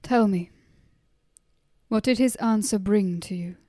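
A woman voicing a calm, wise male messenger who speaks gravely and gently. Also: mid-range voice, dry recording, clean studio sound, natural voice. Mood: gentle. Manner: slow, grave, measured.

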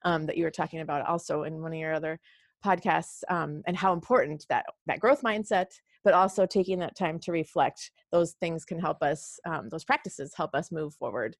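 Chatty woman with a gravelly voice. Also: low voice, normal speed, no echo, studio quality. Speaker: podcast guest. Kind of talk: casual conversation.

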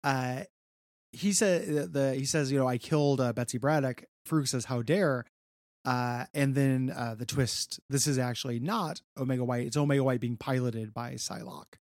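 A man's voice: medium pitch, fairly even intonation, normal speed, darkish tone, no room sound. A man with a mid-range voice recaps a comic on a casual podcast. He is chatty, swears offhandedly, and often repeats words as he goes, recorded dry and close. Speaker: podcast co-host.

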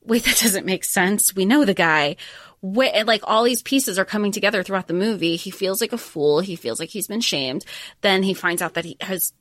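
Chatty animated woman podcast co-host. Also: mid-range voice, normal speed, no room sound, clean studio sound. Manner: animated, acts out film lines in quoted voices. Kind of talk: casual chat.

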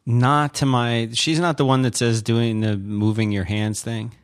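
A man's voice: medium pitch, steady tone, a little slow, no room sound. A man co-hosting a podcast who gives short, dry, teasing replies in casual chat. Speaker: podcast co-host.

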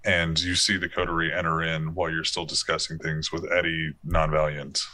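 A man narrating a tabletop game as game master, casual and halting. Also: very deep voice, completely flat delivery, pushed and bright.

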